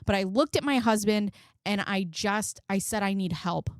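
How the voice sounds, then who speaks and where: A commentary channel host speaks in a mid-range voice at a normal pace, recorded cleanly in a studio with no room sound. She tells her viewers a personal story candidly, treating them like friends, emotional and frank and swearing freely.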